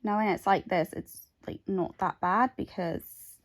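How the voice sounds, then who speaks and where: A woman's voice: mid-range voice, measured pace. A woman chatting casually while she stitches at home. She rambles through asides, recorded on a phone. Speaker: craft vlogger.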